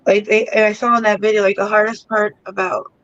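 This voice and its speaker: A man's voice: sits high, flat delivery, fairly quick, a bit bright, dry recording. A man chatting casually and joking easily over a remote call. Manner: easygoing, joking. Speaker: co-host on a call. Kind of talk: casual chat. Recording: dull, dry call audio.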